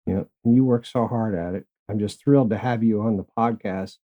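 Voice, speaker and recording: A man's voice: lowish voice, brisk, phone-quality sound. A man hosting a podcast interview, asking questions and reacting with enthusiasm. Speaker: podcast host.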